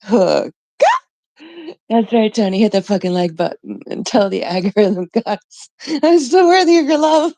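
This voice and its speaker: A woman's voice: mid-range voice, animated, moderate pace, mellow, no room sound. A middle-aged woman chatting casually with her live-stream chat, laughing often, swearing freely and greeting viewers by name. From Canada. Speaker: livestreamer.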